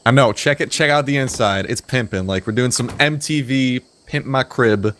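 A man's voice: mid-range voice, moderate pace, a bit bright, a little hiss or hum. A man joining a gameplay video as guest, goofy and playfully melodramatic. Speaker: guest player. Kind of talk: casual gameplay banter.

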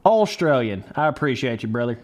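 A man's voice: mid-range voice, very animated, brisk. Profane young man streaming a race. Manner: casual, profane, talks to chat as brother and dudes; talks himself through the race under his breath. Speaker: live streamer. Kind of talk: live gameplay commentary.

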